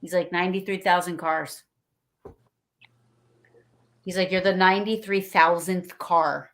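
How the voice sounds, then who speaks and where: A woman chatting casually on a livestream, telling stories excitedly and acting out what people said. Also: lowish voice, unhurried, pauses often. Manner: excited, rambling storyteller acting out quotes.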